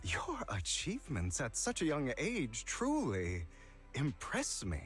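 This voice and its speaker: An actor playing a suave, mysterious male collector, speaking in smooth, courtly, flattering game dialogue. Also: medium pitch, slow pace, soft background music, exaggerated voice.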